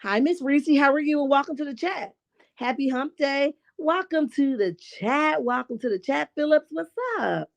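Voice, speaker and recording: A woman hosting a reality-show recap, talking in a casual, sassy and profane way, her voice a bit raspy this morning. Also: sits high, normal speed. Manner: sassy, profane, rhetorical asides with "okay?" and "right?". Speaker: reality TV commentary host.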